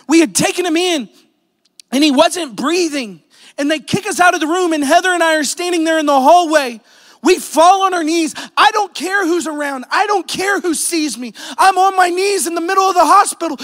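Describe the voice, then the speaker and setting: A man preaching a sermon as a pastor. He swings from hushed, intimate talk to shouted appeals, telling personal stories with self-deprecating asides. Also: very high-pitched, big-room sound. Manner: repeats "here's the thing", storytelling with self-deprecating asides.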